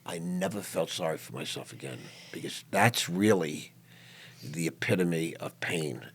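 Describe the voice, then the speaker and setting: Deep-voiced older man hosting in a studio. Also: animated, unhurried, a bit bright, slightly rough. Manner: emphatic, repeats words, tells personal stories. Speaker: podcast host. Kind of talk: emotional interview chat.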